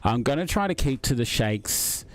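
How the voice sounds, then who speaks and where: A middle-aged Australian man chats on a live stream in a loose, easygoing way. He rambles, stops to chuckle, and fills pauses with plenty of ums and uhs. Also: mid-range voice, animated, no room sound. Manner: rambling, with many fillers and chuckles. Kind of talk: casual live-stream chat.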